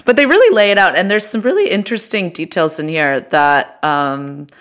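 A woman's voice: fairly low pitch, animated, moderate pace, a bit bright. A woman co-hosting a podcast, chatting casually with lots of fillers and restarts. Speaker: podcast co-host. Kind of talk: casual chat.

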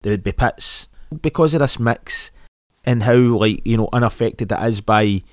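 A man's voice: mid-range voice, normal speed, no echo, studio quality. A man with a Scottish accent co-hosting a music podcast, hesitant and sweary in casual chat. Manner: hesitant, sweary, lots of fillers. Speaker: podcast co-host.

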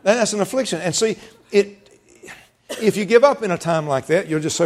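A middle-aged pastor with a gravelly, fry-edged voice set a little high for a man. He preaches in a folksy storytelling way, chuckling and acting out conversations as he goes. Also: lively intonation, fast talker, a little mellow. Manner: folksy storytelling with laughter and quoted dialogue. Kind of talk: sermon.

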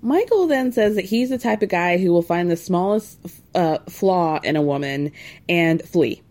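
A woman's voice: lowish voice, lively intonation, normal speed, darkish tone. A woman hosting a podcast, recapping a reality show in a snarky, chatty way with many asides. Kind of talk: casual chat.

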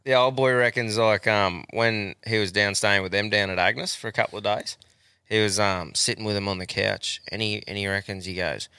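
A man's voice: lowish voice, steady tone, moderate pace, sharp tone, clean tone, no room sound, clean studio sound. A man hosting a casual podcast, laid-back, laughing often and swearing freely. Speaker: podcast host. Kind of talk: casual chat.

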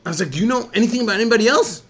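Animated high-voiced man telling a story. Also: rapid-fire, breathy edge. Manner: animated storytelling, acts out both sides. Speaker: podcast co-host. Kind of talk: casual chat.

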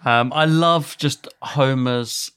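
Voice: medium pitch, slow, fairly bright tone, clear, resonant tone. A podcast co-host chatting casually and enthusiastically, laughing a lot. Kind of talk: casual chat.

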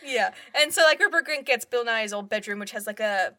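A woman's voice: on the high side, fairly quick, dry recording, studio quality. A woman co-hosting a casual chat, animatedly recapping a film's plot. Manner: animated storyteller, many "like" fillers.

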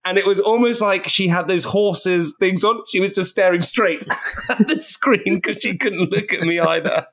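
An excitable man in his thirties from England chats as a podcast guest. His voice sits a little high, and his stories jump around animatedly, punctuated by bursts of laughter. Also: normal speed. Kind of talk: casual chat.

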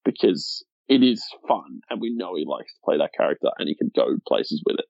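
A man's voice: sits low, very animated, a little fast, vocal fry, dry recording, highs cut off. A man co-hosting a podcast, chatting casually and with enthusiasm, swearing now and then. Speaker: podcast co-host. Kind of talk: casual wrestling chat.

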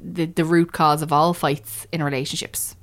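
A woman's voice: low voice, normal speed. A woman on a podcast chatting candidly, telling stories with lots of restarts and acted-out quotes. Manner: animated, storytelling, restarts often. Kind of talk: candid casual chat.

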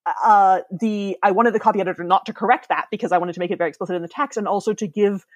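Woman, podcast guest author, quick talky explainer, dry recording. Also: medium pitch, no room sound, lo-fi sound. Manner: explanatory, quick, many fillers and laughs. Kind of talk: casual podcast chat.

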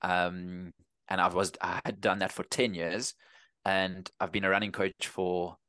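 Guest: 30s South African man, low voice, dry close sound, relaxed and rambling. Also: measured pace, dry recording. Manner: easygoing, rambling with frequent restarts. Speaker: running coach, guest. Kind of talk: casual interview chat.

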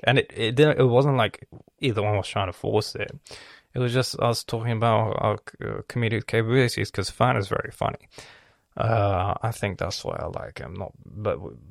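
Gravelly-voiced young man rambling casually. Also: fairly low pitch, dry recording, studio quality. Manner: profane, rambling, with many fillers and restarts. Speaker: vlogger.

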